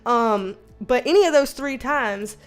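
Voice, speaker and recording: A woman in her thirties from the American South with a light Southern accent, chatting casually on a livestream, animated, swearing and laughing as she tells stories. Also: a little high, a little slow, faint music behind. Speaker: livestream host.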